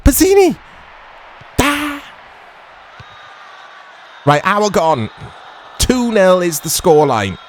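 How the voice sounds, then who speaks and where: Brit guy narrating his football game, chats to viewers, yells at chances, faint hiss behind. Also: on the high side, measured pace. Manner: excitable, shouts at big chances, chatty asides. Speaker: gaming commentator. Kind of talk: casual let's-play commentary.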